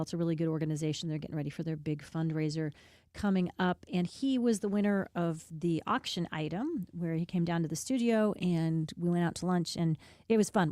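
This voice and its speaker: A woman's voice: fairly low pitch, mellow, no echo, clean studio sound. A woman co-hosting a radio talk show, chatting casually and restarting her sentences often. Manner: chatty, talks in quick restarts. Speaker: radio co-host. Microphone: studio microphone.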